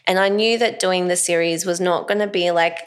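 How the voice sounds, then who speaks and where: A woman with a slightly low-pitched voice chats casually as an interview guest. She is lively and playful and laughs often while she talks about making films. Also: a little fast. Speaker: podcast guest, actor and filmmaker.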